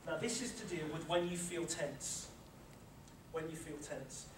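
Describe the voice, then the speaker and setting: A man's voice: on the high side, expressive, a little slow. A man giving a live workshop talk on handling anxiety, leading the room through a guided relaxation exercise, repeating his instructions and checking that they follow. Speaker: sports psychology presenter. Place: lecture room with a live audience. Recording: echoey room, far from the mic, loud noise.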